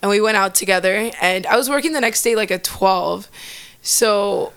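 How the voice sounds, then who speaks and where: A woman's voice: mid-range voice, normal speed, a bit bright, smooth. A young woman in her early twenties chats as a guest in a casual interview. She tells stories in a loose, rambling way. She leans on "like" at every turn. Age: early 20s. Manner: chatty storyteller, fills with "like".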